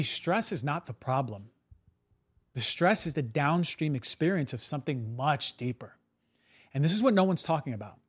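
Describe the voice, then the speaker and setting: A man hosting a podcast, talking in an emphatic monologue and often tagging a quick "right?" onto his points. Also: mid-range voice. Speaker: podcast host.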